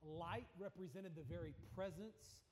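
A man preaching a sermon, dramatic in delivery, dropping to a hush and then rising to emphatic lines. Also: high voice, a little slow. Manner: dramatic, swings from hushed to emphatic. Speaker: pastor. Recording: long hall reverb.

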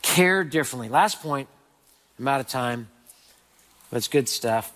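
A man preaching a sermon, telling a story with sudden loud and soft swings. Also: mid-range voice, animated, normal speed. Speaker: pastor. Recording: hall reverb.

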